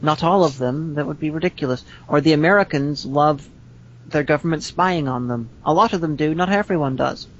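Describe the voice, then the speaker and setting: A woman from Northern Ireland with a Northern Irish accent, co-hosting a podcast in casual chat, rambling with frequent restarts and dry humor. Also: brisk. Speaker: podcast co-host. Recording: slightly dull lo-fi audio with faint rumble.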